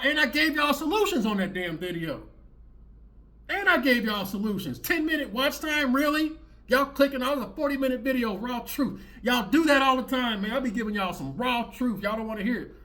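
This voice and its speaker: A man's voice: sits high, a bit bright. A man hosting his own channel, reacting to clips in a preachy, rambling rant that circles back on itself. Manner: preachy, rambling, repeats himself. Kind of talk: ranting commentary.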